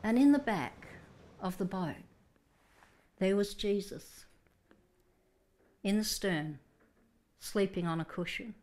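Woman preaching a lively sermon. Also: medium pitch, takes it slowly, long pauses. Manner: storytelling, vivid and animated, with restarts. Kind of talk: Sunday sermon.

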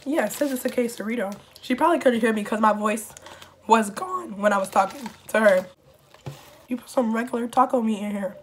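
Hoarse woman chatting while she eats. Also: a little high, fairly quick, noisy background. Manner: chatty, talks while eating, with smacking and coughs. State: hoarse, voice nearly gone. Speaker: YouTuber. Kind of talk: casual eating-show chat.

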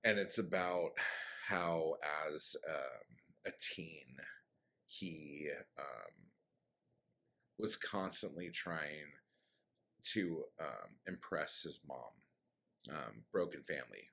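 A man casually recapping his own dark story, rambling with many fillers and blunt swearing. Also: a bass voice, animated, slow, gravelly, slight background noise. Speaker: author summarizing his story.

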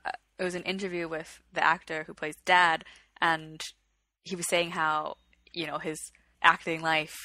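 A chatty woman co-hosting a podcast, retelling a story at length in a casual way. Her voice is bright and slightly low. The recording is dry and close. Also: little pitch movement, moderate pace, no room sound. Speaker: podcast co-host. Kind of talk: casual chat.

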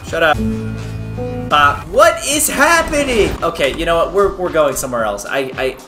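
A man giving excited gameplay commentary, yelping, shouting and making little sound effects as he plays. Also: a little high, moderate pace. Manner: hyper, yelps and shouts, makes "bop" sound effects. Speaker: gaming video creator. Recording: game music playing underneath. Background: game music.

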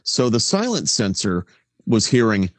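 A man, a former radio broadcaster, telling animated stories as a podcast co-host. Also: fairly low pitch, unhurried, dry recording. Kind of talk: casual chat.

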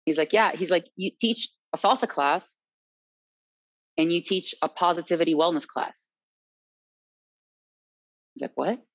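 A woman's voice: fairly low pitch, unhurried, pauses often, dry recording. Chatty woman, dull dry recording. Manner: animated, quotes others, tag questions "right?". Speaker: salsa dance instructor, guest. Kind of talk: casual storytelling chat.

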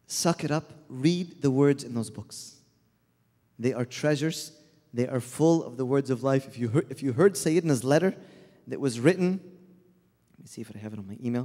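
A man preaching a sermon in a church, blunt and animated, mixing Arabic words into his talk. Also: medium pitch. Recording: echoey hall with long reverb.

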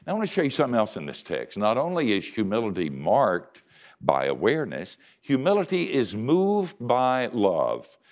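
Telling a story from the pulpit, this older, low-pitched pastor shifts from booming emphasis down to near-whispers. His humor is dry and aimed at himself.

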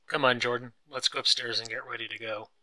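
A man's voice: medium pitch, flat delivery, quick pace, sharp tone, no room sound, poor audio. A man voicing a restless, charming young rich wife in a lighter, coaxing tone.

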